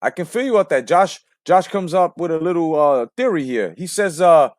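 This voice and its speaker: A man's voice: on the high side, animated, moderate pace, hardly any pauses, no echo, clean studio sound. A man hosting a late-night boxing talk show, ranting heatedly and profanely and firing off rhetorical questions. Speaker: host.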